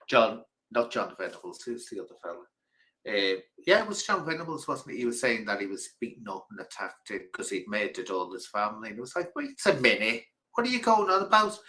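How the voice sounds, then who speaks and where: A middle-aged man hosts a casual livestream chat with a bright, forceful voice. He tells stories in an animated way and acts out the people he quotes. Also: fairly low pitch, rough recording. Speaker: host.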